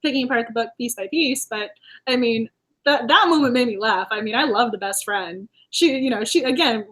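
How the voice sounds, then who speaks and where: A woman hosting a casual book club chat on her video channel. She talks in an animated way, laughs often and restarts her sentences. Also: fairly high pitch, a little fast.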